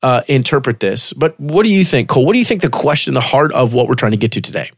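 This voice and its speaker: A man's voice: medium pitch, big pitch swings, quick pace, breathy edge, dry recording, studio quality. A man hosting a Christian podcast, reading an essay aloud and then chatting loosely with a guest, stumbling and restarting often. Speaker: podcast host. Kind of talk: casual faith podcast chat.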